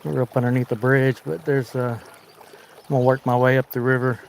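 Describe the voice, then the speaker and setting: A Southern American fishing host from Arkansas streams live while wading in a river under a bridge, easygoing and talkative as he reads out viewer comments. His mid-range voice is flat with vocal fry at a moderate pace, with slight background noise and a faint river wash behind him.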